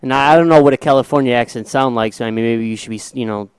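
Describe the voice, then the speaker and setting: A man with a Chicago accent co-hosting a casual sports talk show, laid-back and self-deprecating, with halting restarts. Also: medium pitch, clean tone, no echo. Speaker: podcast co-host.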